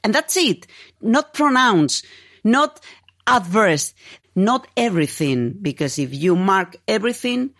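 A woman's voice: low voice, no room sound, studio quality. A woman professor explaining ideas in an interview, stressing points by repeating words. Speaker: media psychology professor.

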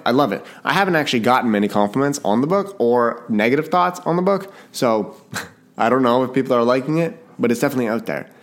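A male podcast host from Canada talks on his own in a loose, chatty way. His voice sits at an ordinary middle pitch, and he often stops mid-sentence to start over. He jokes at his own expense and keeps apologizing. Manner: rambling and self-deprecating, with frequent restarts; apologetic, jokey. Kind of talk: casual solo podcast chat.

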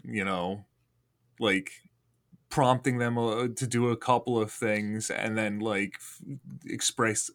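A man in a casual podcast chat, speaking haltingly and trailing off. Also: on the low side, a bit bright.

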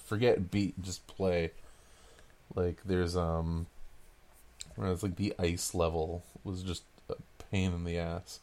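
A man in his thirties with a very low voice, trading podcast banter. His storytelling is crude and jokey. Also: flat delivery, slow, long pauses, a little mellow. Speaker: podcast co-host. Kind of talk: casual chat.

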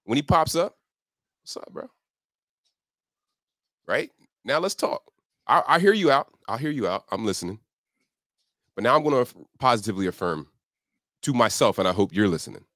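A man's voice: big pitch swings, a little fast, long pauses, sharp tone, no echo, studio quality. A man, an accountability coach, talking on a podcast in an emphatic motivational way, acting out his inner voice. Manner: emphatic, acts out his inner voice in pitch jumps. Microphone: studio podcast microphone.

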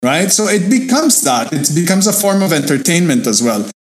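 A Filipino man with a somewhat high voice joins a casual discussion. He speaks emphatically, agrees readily, and leans on "you know" and "right?" as he talks. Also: big pitch swings, normal speed, a little hiss or hum.

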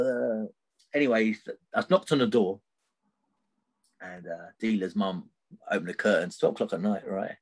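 Man, middle-aged, lowish voice, rambling candid storytelling, lots of fillers. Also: a little fast, long pauses. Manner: rambling, tags sentences with "right?", many fillers. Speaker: podcast guest.

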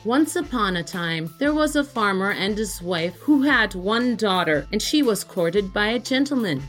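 A woman's voice: medium pitch, moderate pace, soft background music. Woman telling a folk tale. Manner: lively read-aloud, lifting her voice for characters' cries. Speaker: podcast host reading a folk tale. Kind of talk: storytelling narration.

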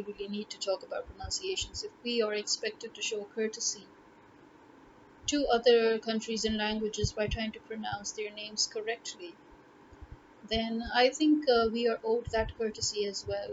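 A woman's voice: mid-range voice, lo-fi sound, slight background noise. A woman language tutor talking casually to camera in an emphatic way, repeating words to drive her points home.

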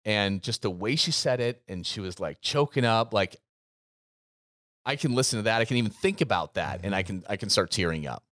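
A man with a fairly low voice talks in a casual podcast chat, earnest and emphatic, circling back over his words. The sound is dry and close to the mic. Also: animated, fairly quick, a bit bright, no room sound. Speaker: podcast co-host, gym business coach.

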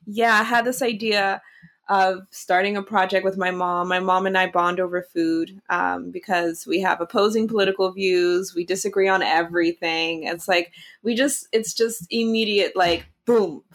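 A woman hosting an interview podcast, telling a story in an animated, excitable way. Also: medium pitch, normal speed. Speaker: podcast host. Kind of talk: casual conversational interview.

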